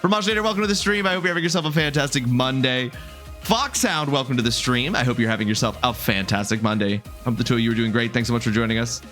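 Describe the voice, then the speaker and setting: A young adult man streaming a video game and talking casually with his chat. He jokes a lot, welcomes viewers by name and often restarts or drifts off mid-thought. Faint music plays softly behind him. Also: mid-range voice, fast talker. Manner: chatty and joking, greets viewers by name, wanders off mid-sentence.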